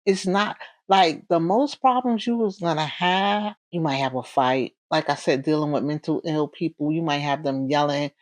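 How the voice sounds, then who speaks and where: A woman in her forties with a Northern US accent, a correctional officer talking casually in an interview, bubbly and animated, acting out the voices in her stories. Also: sits low, moderate pace, few pauses, dry recording. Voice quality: bubbly, warm-hearted. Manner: animated, storytelling, acts out quoted voices.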